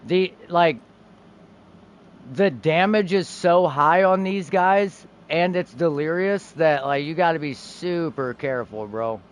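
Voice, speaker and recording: A man's voice: a little high, takes it slowly, slight background noise. A young man streaming a game, chatting casually, trailing off and swearing now and then. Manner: laid-back, swears casually, trails off mid-sentence. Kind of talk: casual gaming stream chat.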